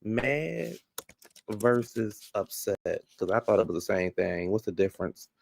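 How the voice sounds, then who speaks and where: A man giving a sassy, casual recap of a reality show, talking back to what happened on screen, drawling some words and rushing others. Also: on the low side, sing-song, vocal fry, darkish tone, no room sound, clean studio sound.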